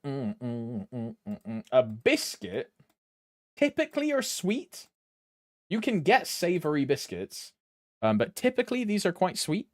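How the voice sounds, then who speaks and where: Young British male streamer, casual chatter with lots of pitch movement, dry close sound. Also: huge pitch swings, a little slow, no room sound. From Britain. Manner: rambling, swears casually, chats with viewers while playing. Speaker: game streamer. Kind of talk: casual live-stream chat.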